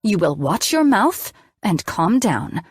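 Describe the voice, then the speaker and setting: A woman's voice: medium pitch, very animated, slow pace, husky, no room sound, clean studio sound, exaggerated voice. A woman voicing a worried middle-aged mother who is anxious and can turn cold and firm. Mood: stern.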